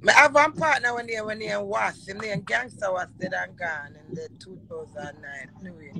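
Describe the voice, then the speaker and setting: A middle-aged Jamaican-accented woman with a gravelly, medium-pitched voice tells stories at a moderate pace in a casual chat. She's animated and repeats words as she goes, on a rough recording.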